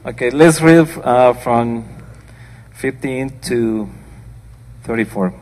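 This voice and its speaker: A man's voice: mid-range voice, slow, darkish tone. An older man preaching as a pastor, speaking earnestly and plainly, with informal asides between scripture readings in a church. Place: church sanctuary. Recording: church hall reverb.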